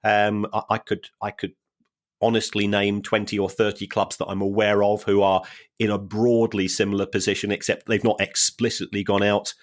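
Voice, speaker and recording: A man co-hosting a podcast, talking through football finances in a measured, wry way with frequent restarts. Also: lowish voice, flat delivery. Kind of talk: casual chat.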